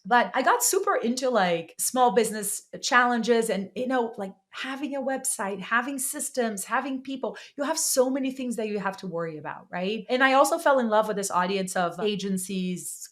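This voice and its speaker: Decisive woman telling a work story. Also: mid-range voice. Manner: decisive, storytelling, quotes past conversations. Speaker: marketing executive guest. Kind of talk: casual interview answers.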